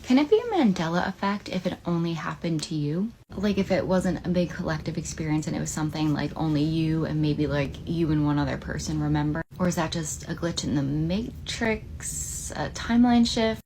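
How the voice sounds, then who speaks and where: A woman tells a casual storytime, musing aloud and asking questions as she goes. Her voice is low and gravelly. A faint hiss sits under the recording. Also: expressive, moderate pace, hardly any pauses.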